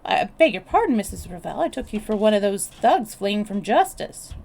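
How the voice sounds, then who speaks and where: A woman's voice: medium pitch, very animated, moderate pace, gravelly, a little mellow. A woman voicing a courteous, earnest American man who exclaims politely.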